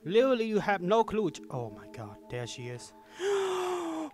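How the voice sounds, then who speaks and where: Speaking fairly quickly in a very animated high voice with a darkish tone, a young gaming YouTuber narrates a horror let's play over soft background music. He talks to the game character and lets out yelps and screams whenever something startles him.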